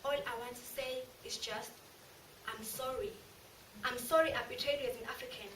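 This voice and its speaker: A drama student performing a stage monologue as a remorseful woman haunted by a mob killing, anguished and confessional, swinging from hushed to loud. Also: a little high, steady tone, normal speed, lightly acted. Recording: echoey room, from far off, noisy.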